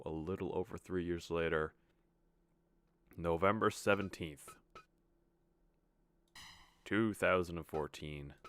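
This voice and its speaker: A man's voice: deep voice, a bit bright, slight background noise. A man giving casual, earnest and reflective commentary while streaming a game.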